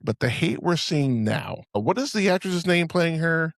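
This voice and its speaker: A man's voice: fairly high pitch, expressive, moderate pace, creaky, no echo. A man hosting a podcast in casual, rambling banter, swearing freely and stumbling over restarts. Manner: rambling, profane, stammers on restarts. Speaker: podcast host.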